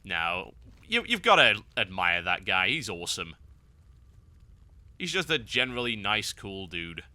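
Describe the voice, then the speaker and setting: A man's voice: fairly low pitch, very animated, moderate pace, pushed and bright, no room sound. A man hosting a game guide, giving wry, sarcastic gameplay commentary.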